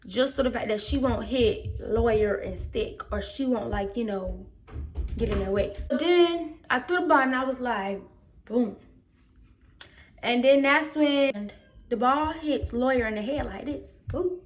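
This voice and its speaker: A woman's voice: a little high, a little slow. A teenage girl, animatedly retelling a school story in a casual storytime vlog. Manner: animated retelling with quoted voices. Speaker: vlogger.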